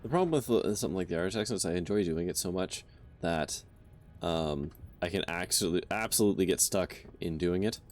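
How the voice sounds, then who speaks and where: A man's voice: low-pitched, animated, a little fast. A young man chatting casually while playing a game, counting aloud under his breath and swearing now and then. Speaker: game streamer.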